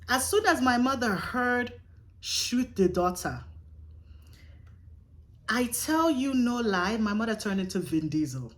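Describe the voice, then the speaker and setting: A young woman vlogger recounts a dramatic personal story, casual and emphatic, cursing freely and staying animated throughout. Her voice sits on the high side, and she speaks unhurriedly with long pauses.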